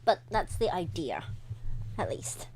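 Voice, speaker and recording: Her lowish, slightly mellow voice swings widely in pitch and runs a little slow as she casually comments on her game stream from home. The young woman coughs with something caught in her throat, which sounds scratchy, while background music plays.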